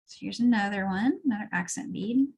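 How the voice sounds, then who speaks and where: Husky woman teaching a craft step by step. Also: mid-range voice, brisk. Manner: relaxed, chatty, explains as she works. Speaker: craft instructor.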